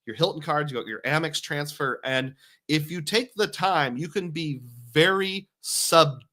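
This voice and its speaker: A man's voice: a little high, measured pace, pushed and bright. A man hosting a live stream, chatting casually and thinking aloud as he reads viewer comments. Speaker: host.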